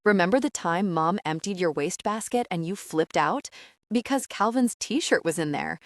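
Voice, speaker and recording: A woman's voice: on the low side, animated, normal speed, no room sound, studio quality, close to an everyday voice. A woman reading an audiobook, voicing a chatty, teasing teenage girl.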